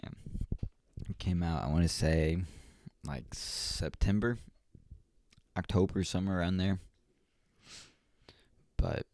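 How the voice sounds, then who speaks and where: Slow, gravelly-voiced young man. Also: low voice, fairly even intonation, darkish tone, no echo. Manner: rambling and reflective, with many ums and restarts. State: yawning often. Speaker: podcast host. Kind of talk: casual solo podcast talk.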